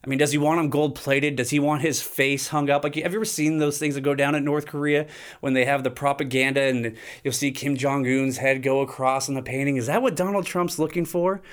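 A man's voice: mid-range voice, a little fast. A man hosting a podcast in a loose, jokey rant, swearing freely and getting worked up. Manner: animated, profane, jokey. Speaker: podcast host. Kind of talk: casual comedic rant.

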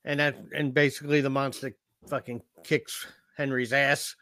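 A man's voice: medium pitch, flat delivery, normal speed, fairly bright tone, dry recording. A man in a casual podcast chat about a film, blunt and swearing freely. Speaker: podcast co-host. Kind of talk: casual movie discussion.

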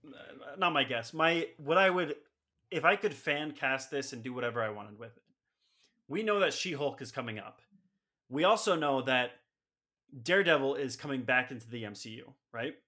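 A man co-hosting a casual podcast, digging eagerly into comic-book lore. His voice is bright and forward, pitched around the middle. He talks like an excited fan laying out a storyline. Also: moderate pace. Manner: enthusiastic comic-book explainer. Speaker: podcast co-host. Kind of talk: casual chat.

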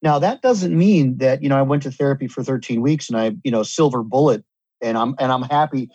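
Husky man, earnest and rambling. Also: mid-range voice, a little fast, a little mellow, no echo, dull audio. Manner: earnest, rambling, repeats and restarts. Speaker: guest. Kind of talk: candid conversation about recovery.

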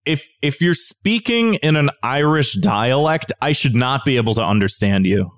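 A man's voice: medium pitch, sing-song, normal speed, no room sound. Man, podcast co-host, casual rant, profane, dry close sound. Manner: profane, ranting, exasperated. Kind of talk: casual chat.

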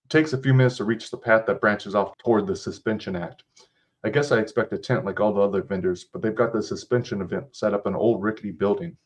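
A podcast host with a lowish male voice reads an interactive story aloud, breaking off for casual, foul-mouthed comments. His delivery stays easy and conversational. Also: fast. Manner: casual, profane asides.

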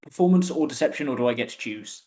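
Very low-voiced woman player. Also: animated, fast talker, dark tone. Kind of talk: casual tabletop play.

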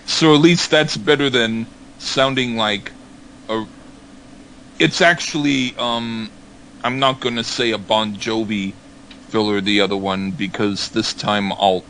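A man's voice: fairly low pitch, fairly bright tone, slight background noise, rough recording. A man co-hosting a casual album review, joking and stammering with many ums. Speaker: podcast co-host reviewing an album. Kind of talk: casual chat.

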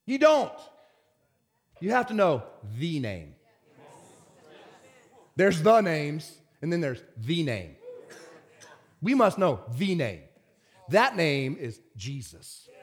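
A man preaching a lively sermon as pastor, swinging from loud bursts to hushed whispers. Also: a little high.

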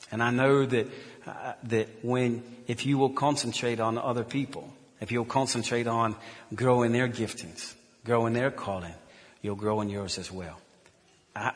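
Brief: male pastor, lowish voice, earnest sermon storytelling, echoey church hall. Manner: earnest storytelling with frequent restarts.

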